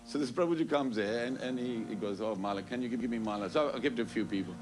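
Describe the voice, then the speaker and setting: A man tells a story at a temple Sunday program, animated and full of "you know", quoting others back and forth. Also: medium pitch, very fast, music in the background. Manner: animated, quotes others in dialogue, frequent "you know" and "I goes". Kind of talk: casual storytelling announcement. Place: temple hall.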